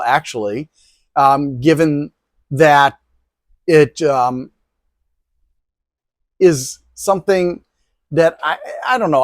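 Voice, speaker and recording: A man's voice: on the high side, no echo. A man hosting a tech video, walking through test results in a loose, rambling way with many ums and restarts. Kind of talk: casual product review.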